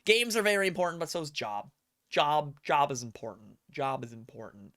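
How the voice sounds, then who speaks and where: Here an adult streamer talks at normal speed in an expressive, slightly bright mid-range voice. The chat with viewers is casual, full of meandering stories, acted-out quotes, and self-deprecating jokes.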